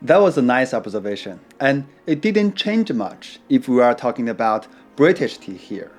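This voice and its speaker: A man giving a measured, unhurried explanation about tea, adding small playful asides. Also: mid-range voice, very animated, faint music behind. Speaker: tea educator. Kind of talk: scripted educational narration.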